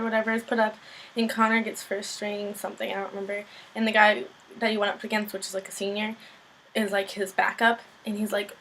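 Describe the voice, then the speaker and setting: A woman's voice: medium pitch, a bit bright, a little hiss or hum, low-quality recording. A young woman recapping a TV episode in a loose, rambling vlog, full of fillers and casual swearing. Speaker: show recapper.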